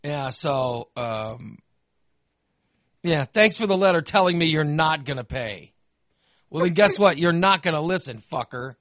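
A man hosting a podcast, chatting casually and ranting with animated, profane energy. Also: a little high, unhurried, no echo, studio quality. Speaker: podcast host.

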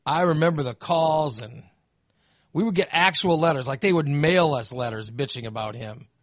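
Male podcast host, casual and foul-mouthed, gets worked up fast; slightly high voice, dry close sound. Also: no echo. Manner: animated, profane ranting.

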